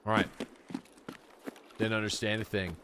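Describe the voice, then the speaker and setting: Speaking in a lowish voice over slight background noise, this Atlantic Canadian man keeps up casual livestream chatter while gaming. He's animated, swears a lot, and is quick to laugh.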